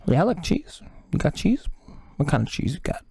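A man's voice: fairly high pitch, very animated, moderate pace, vocal fry, mellow, husky, exaggerated voice. A man voicing a menacing leech cartel boss who talks like a crude gangster, with a put-on Mexican Spanish accent and slang. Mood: bargaining. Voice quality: thuggish, drawling gangster talk.

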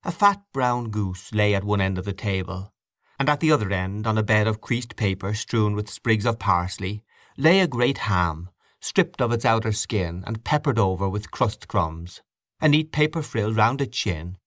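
This is scripted audiobook narration by a man whose voice sits lowish. His reading is measured and expressive, captured in a clean studio with no room sound.

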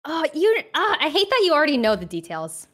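Lively, teasing young-sounding woman. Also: high voice, brisk. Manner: lively, laughs easily, teasing. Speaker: guest on a call. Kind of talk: casual reaction chat.

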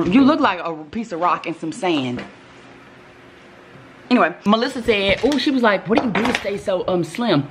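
A woman's voice: fairly low pitch, slight background noise. Chatty young woman vlogging. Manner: chatty, joking, addresses viewers as y'all. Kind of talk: casual vlog chat to camera. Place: home and car.

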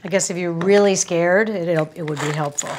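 A woman's voice: lowish voice, fairly quick, noisy background. A woman hosting a casual home cooking demonstration, chatty and wry, with joking asides and anecdotes while she works. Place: home kitchen.

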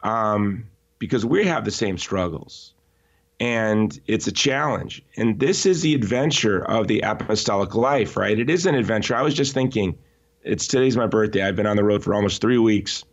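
A man being interviewed, telling stories in an animated, emphatic way with frequent restarts. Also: on the low side, moderate pace, lo-fi sound. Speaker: interview guest. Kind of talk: conversational podcast interview.

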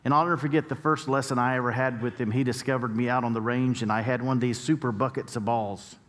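A man's voice: medium pitch, fairly even intonation, quick pace, a bit bright. A male pastor preaching a sermon, telling stories and building to emphatic points. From United States. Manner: storytelling preacher, rising to emphatic peaks. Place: church sanctuary. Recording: long church hall reverb.

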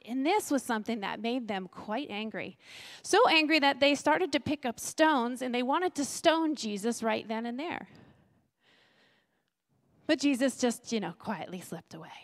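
A woman's voice: high-pitched, a bit bright. A woman pastor preaching a sermon in a conversational way, often checking in with "right?" and "you know", and acting out Bible scenes in quoted voices.

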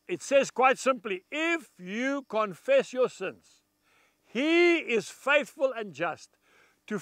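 A man's voice: very high-pitched, sharp tone, no room sound. A man preaching a televised sermon in an emphatic, folksy manner, repeating key phrases and speaking straight to the viewers. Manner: addresses viewers directly with asides.

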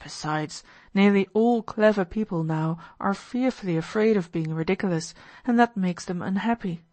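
A woman voicing a gentle, earnest young man in an audiobook, speaking calmly and sincerely. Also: medium pitch, moderate pace, dry recording, natural voice. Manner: calm, kind, sincere counsel. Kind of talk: audiobook character voice.

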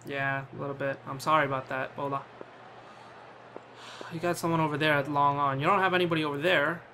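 A man's voice: fairly high pitch, steady tone, a little fast, bright, forceful tone, slight background noise. A man giving casual commentary as he plays a cricket video game, bantering, swearing and talking to his player on screen.

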